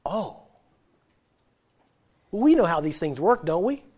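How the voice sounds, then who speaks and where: High-voiced man preaching emphatically. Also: very animated, unhurried, dark tone, breathy edge. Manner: emphatic, asks the congregation questions. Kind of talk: sermon.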